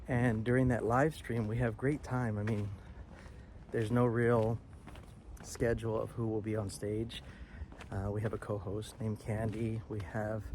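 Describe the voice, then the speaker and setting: A man's voice: lowish voice, darkish tone. A man chatting casually as he walks outdoors with a handheld camera, rambling with fillers. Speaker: vlogger and English teacher. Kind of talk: casual walk-and-talk vlog. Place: outdoors walking on a street. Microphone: handheld camera while walking. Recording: outdoor street noise. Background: street ambience and passing vehicles.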